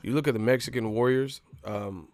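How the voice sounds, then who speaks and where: A man talking casually on a live stream, full of slang and cursing. His voice sits in a middle pitch, and his delivery is loose and chatty. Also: fairly quick, no echo. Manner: loose, slangy, profane, laughing storyteller. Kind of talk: casual boxing talk.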